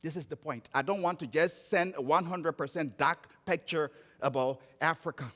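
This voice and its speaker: A man from Liberia with a Liberian accent, preaching a sermon and telling stories, moving between emphatic raised phrases and quiet low ones. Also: normal speed. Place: church sanctuary. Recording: church sanctuary with long reverb.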